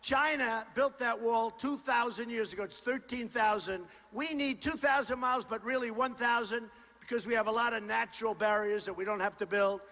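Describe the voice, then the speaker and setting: A man giving a campaign rally speech, punchy and repetitive and boastful, often shouting to the crowd through a stage microphone in a large indoor venue. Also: very high-pitched, moderate pace. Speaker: political candidate. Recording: long hall reverb with faint crowd noise.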